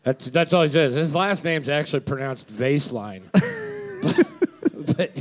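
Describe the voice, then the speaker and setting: A man co-hosting a comedic podcast, tossing off deadpan quips and absurd jokes. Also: on the high side, measured pace. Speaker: podcast co-host.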